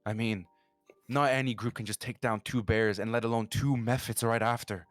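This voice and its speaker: A man's voice: mid-range voice, fairly even intonation, normal speed, no room sound, faint music behind, lightly acted. A man voicing a desperate young woman who lost her sister, speaking hesitantly with many restarts. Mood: pleading.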